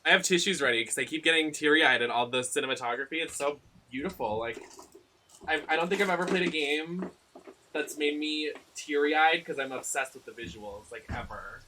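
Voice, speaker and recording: Excitable guy streamer, super bright voice, a bit high, swearing over faint game music. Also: brisk, a little hiss or hum. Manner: excitable, emotional, swears a lot. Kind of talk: live gameplay commentary.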